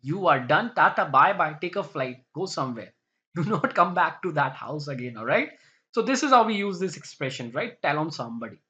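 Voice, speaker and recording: Young guy teaching phrases, lively, kinda muffled audio. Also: a little high, brisk. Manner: energetic, repetitive, explaining. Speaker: English teacher. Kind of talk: vocabulary lesson explanation.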